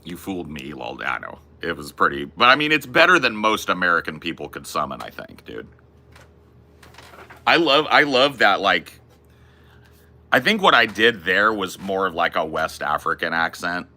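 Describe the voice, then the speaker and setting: A young man chats on his podcast in a laid-back, profane way, tossing in dude and bro. His voice sits a little low and is strikingly bright. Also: sing-song, normal speed. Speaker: podcast host. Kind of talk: casual chat.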